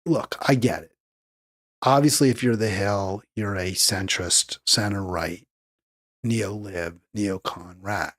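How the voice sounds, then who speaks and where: A man's voice: fairly low pitch, takes it slowly, fairly bright tone. A man hosting a political talk show, speaking off the cuff in a casual, digressive way with emphatic bursts. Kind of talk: solo political commentary.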